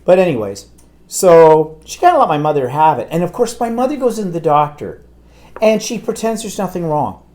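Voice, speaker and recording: A man's voice: on the high side, sing-song, normal speed, darkish tone. A man, co-hosting a live talk show and telling a long, exasperated anecdote in casual chat. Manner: rambling anecdotal storyteller, exasperated. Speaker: co-host.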